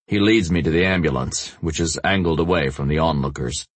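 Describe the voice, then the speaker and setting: Deep, husky male audiobook narrator. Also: a little fast, dry recording. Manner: voices characters by raising his pitch. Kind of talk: first-person audiobook narration.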